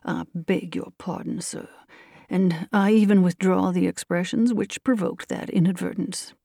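A courtly, deliberate old colonel lawyer, as a woman reader puts him on, unhurried and blandly polite. His voice sits low and dark with a gravelly rasp, close and dry with no room around it. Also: fairly even intonation, no room sound. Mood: bland courtesy. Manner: slow, measured, politely grave.

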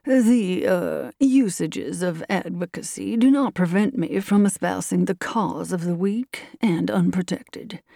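A courtly, deliberate old colonel lawyer, as a woman reader puts him on, unhurried and blandly polite. His voice sits low and dark with a gravelly rasp, close and dry with no room around it. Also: no echo. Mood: bland courtesy. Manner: slow, measured, politely grave.

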